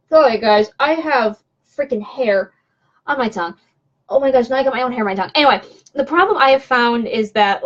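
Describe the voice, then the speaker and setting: Woman streamer, casual and rambly, chatting from home over a slightly dull webcam mic. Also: fairly high pitch. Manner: rambling, many fillers and restarts, chatty asides. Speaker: vlogger doing a live stream. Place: home room.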